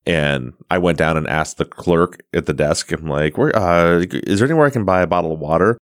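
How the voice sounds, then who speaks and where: A man's voice: deep voice, brisk, no echo, studio quality. A man hosting a casual interview, easygoing and self-deprecating, laughing often. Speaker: podcast host.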